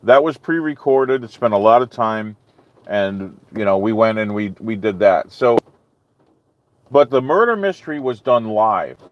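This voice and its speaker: A man's voice: on the low side, lively intonation, measured pace, dry recording, muffled recording. A man hosting a live stream, chatting casually with viewers in a rambling way full of "okay?" and "you know".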